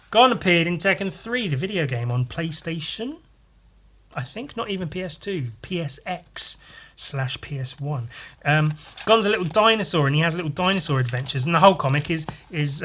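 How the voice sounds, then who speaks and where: A man hosting a casual solo podcast, swearing freely and telling a story panel by panel in an animated way. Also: a little high, normal speed. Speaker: podcast host.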